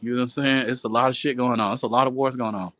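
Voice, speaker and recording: A man's voice: mid-range voice, steady tone, rapid-fire, fairly bright tone, no room sound. Profane preachy man on a phone livestream. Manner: profane, preachy, repetitive, calls listeners "boo" and "y'all". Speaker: livestream host. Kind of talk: rambling preachy livestream monologue.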